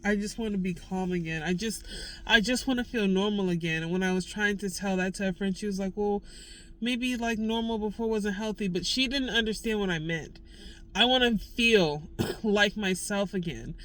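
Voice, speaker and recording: A woman's voice: medium pitch, normal speed, fairly bright tone, rough recording. A young woman vlogging candidly, venting raw frustration in casual slang. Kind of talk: candid personal vlog.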